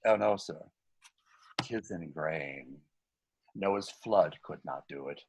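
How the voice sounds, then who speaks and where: Over a video call in a live online Shakespeare scene, an actor plays a frantic comic manservant in full character voice, mocking and excitable with a wildly swooping delivery. His voice rumbles low with vocal fry and slight roughness, and he takes it slowly.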